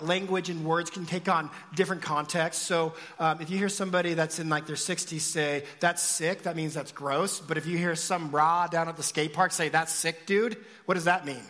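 Animated preaching man in a reverberant hall. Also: on the high side. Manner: animated storytelling, swinging from shouts to hushed whispers. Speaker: pastor. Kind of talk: sermon.

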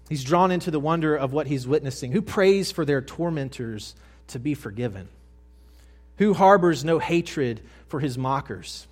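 A man preaches a sermon at a mid-range pitch. He tells the story dramatically, sometimes dropping to a hush and sometimes rising to ringing emphasis. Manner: dramatic storytelling with loud and quiet swings. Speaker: pastor.

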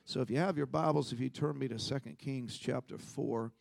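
A visiting preacher tells his story from the pulpit, and his voice is deeply gravelly with heavy fry. His pitch sits mid-range for a man. The sound is dry and close, with no room echo, and he keeps punctuating his lines with amens. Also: a little fast, darkish tone. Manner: folksy storytelling with frequent amens. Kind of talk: sermon. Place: church.

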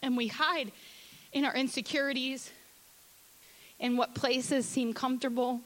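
A woman's voice: high voice, little pitch movement, measured pace, poor audio. A woman giving a candid, conversational church testimony, acting out her own asides. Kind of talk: sermon testimony.

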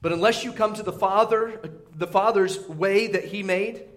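A man's voice: high voice, normal speed, fairly bright tone. A man preaching a sermon, emphatic, often repeating words and acting out voices from the crowd.

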